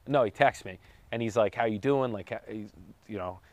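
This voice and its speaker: With a lowish, slightly mellow voice and a somewhat quick pace, a man recounts his daughter's birth as a podcast co-host. The recording has no echo, and he meanders, jokes, laughs lightly and keeps correcting himself.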